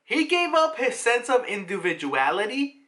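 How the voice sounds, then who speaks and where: Young male reaction host, lively swinging pitch, bright edge, casual and cussing, breaks into quick mock voices. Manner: animated, profane, jumps into excited mock voices of the characters.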